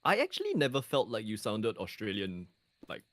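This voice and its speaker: Lively-voiced friendly man chatting. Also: lowish voice, moderate pace, no room sound. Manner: friendly, relaxed, laughs along. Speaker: co-streamer guest. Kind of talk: casual chat while gaming.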